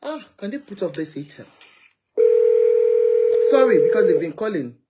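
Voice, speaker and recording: A Nigerian woman with a Nigerian accent, hosting a live call-in show, talking in an animated, chatty way and ranting about public affairs from inside a car. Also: medium pitch, normal speed, very noisy. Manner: animated, chatty, rants and pleads. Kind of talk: opinionated live social commentary.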